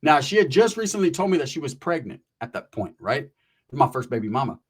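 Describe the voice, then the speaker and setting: A husky, mid-range male voice, moving a little fast, belongs to a Northern Californian spinning a wild tale from his own life. He talks in casual, profane street slang laced with Spanish words, animatedly acting out each person in the story.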